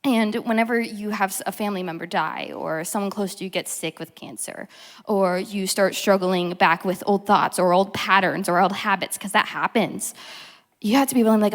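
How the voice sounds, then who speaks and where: A woman's voice: medium pitch, moderate pace. A young woman giving a casual devotional teaching, chatty, full of fillers, acting out the quotes she tells. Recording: long hall reverb.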